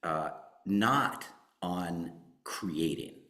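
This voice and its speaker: Slow, very deep-voiced man musing. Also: pushed and bright. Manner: slow, deliberate, philosophical. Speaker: participant. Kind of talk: discussion contribution.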